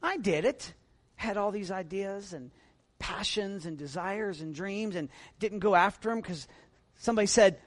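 A middle-aged man preaching a sermon as pastor, swinging between quiet, chatty asides and loud, emphatic lines, with self-deprecating humor. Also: high voice, moderate pace, no echo.

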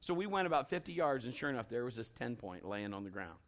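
A middle-aged man preaching a sermon as a pastor, telling a folksy story in an animated way with lots of restarts and acted-out quotes. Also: mid-range voice, fast.

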